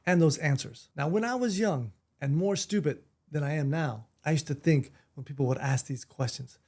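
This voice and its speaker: A man in his sixties with a fairly high voice spins casual vlog stories. His delivery is punchy and animated, and it swells loud and emphatic when he gets going. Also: normal speed. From Miami, Florida, US. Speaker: vlog host and martial arts teacher.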